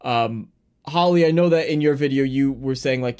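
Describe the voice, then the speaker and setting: A man's voice: medium pitch, moderate pace, a little mellow, clear, resonant tone. A man hosting a live-streamed gaming news chat, talking casually, laughing easily and reading chat messages aloud. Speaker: stream host.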